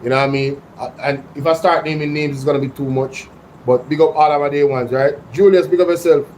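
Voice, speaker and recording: Jamaican man, livestream host, slightly high voice, excitable, mixes in patois, faint background hum. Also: quick pace, poor audio. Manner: excitable, slips into patois, addresses chat directly. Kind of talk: casual livestream commentary reading chat.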